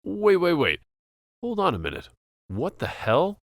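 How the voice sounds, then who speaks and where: Casting: man as a fed-up young student son, gravelly voice with lively swings, dry close recording. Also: mid-range voice, normal speed, no room sound. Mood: exasperated. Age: young adult. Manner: exasperated, pleading.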